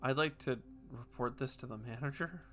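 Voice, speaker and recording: Bright-voiced man chatting through gameplay. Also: medium pitch, faint music behind. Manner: chatty, talks to himself, quick jokey asides. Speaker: gaming video host. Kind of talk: casual gameplay commentary.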